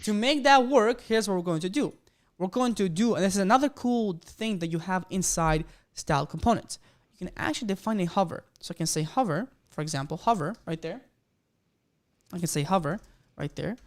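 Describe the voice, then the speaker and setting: A man leads a live coding lesson and explains each step as he types. He gets excitable and cheers his viewers on, with loud bursts of hype between the explanations. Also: high-pitched, fairly quick. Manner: excitable, hypes the audience. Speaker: coding instructor.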